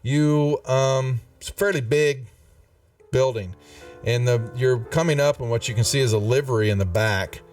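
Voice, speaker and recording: A man with a drawl runs a tabletop game, describing the scene in a relaxed way with plenty of ums and uhs. His voice is mid-pitched and picked up from a distance. Faint music plays behind him. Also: normal speed. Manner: relaxed, many fillers. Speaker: game master.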